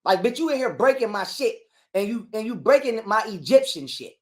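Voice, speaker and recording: This guest, speaking in a high, brisk voice, spins out a lengthy tale during a relaxed interview, swearing often and repeating himself with lots of energy.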